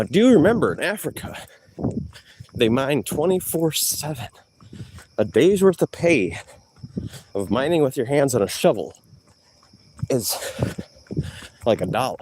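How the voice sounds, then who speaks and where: A man's voice: mid-range voice, noisy background. Breathless man chatting while jogging. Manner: slangy, animated, talking while running. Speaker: vlogger. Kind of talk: casual chat to live chat while jogging.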